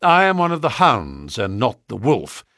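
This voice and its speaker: A man voicing a brilliant, impatient Victorian detective with a crisp, commanding manner in an audiobook. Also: mid-range voice, wildly swooping pitch, normal speed, fairly bright tone, no echo, clean studio sound. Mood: brisk. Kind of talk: audiobook character reading.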